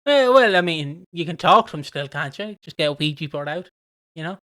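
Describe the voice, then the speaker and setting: Podcast co-host, mid-pitched voice, giggly, animated storytelling. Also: a little fast. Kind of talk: casual podcast chat.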